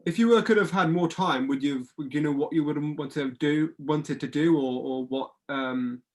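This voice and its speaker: A young man hosting a casual interview, asking eager, halting questions. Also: on the high side, a little mellow. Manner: eager, hesitant questions with fillers. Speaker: interviewer host.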